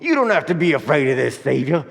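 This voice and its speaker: A man's voice: fairly high pitch, very animated, quick pace, vocal fry. A man playing folksy fretful Joseph. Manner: folksy drawling, rural grammar. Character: folksy anxious young father Joseph. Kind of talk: church Christmas dramatic monologue. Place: church. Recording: echoey church hall.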